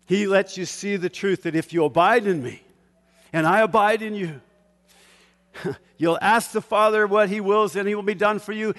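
An older man preaching a sermon, calling out questions for the congregation to finish and chuckling between points. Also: high voice. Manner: call-and-response, asks the congregation to fill in words; chuckles often, shifts from loud to hushed. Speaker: pastor. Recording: long hall reverb.

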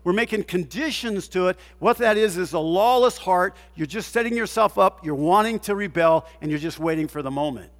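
A man with a fairly high voice delivers an emphatic sermon as a pastor. He fires off rhetorical questions and drops to near-hushed tones before rising again. His voice rings with a long reverb, as if in a large hall. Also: a little fast, hardly any pauses.

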